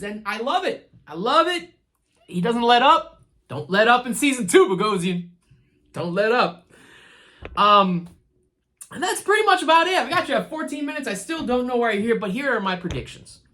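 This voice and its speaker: A woman with a fairly high voice and moderate pace reviews a TV series casually, rambling, laughing easily, and addressing the characters directly as if they could hear her. Her manner is animated and chatty.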